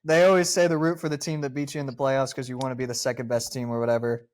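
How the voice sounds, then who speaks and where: A man's voice: medium pitch, level tone, fast. Emphatic Southern man talking sports. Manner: emphatic, rambling, many fillers and restarts. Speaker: podcast co-host. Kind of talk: casual sports talk.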